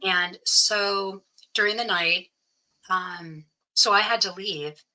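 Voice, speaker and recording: A woman's voice: medium pitch, slow pace, bright, forceful tone, poor audio. A middle-aged woman, a guest in an interview, telling a personal story and acting out what each person said. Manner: recounts events by acting out quoted dialogue.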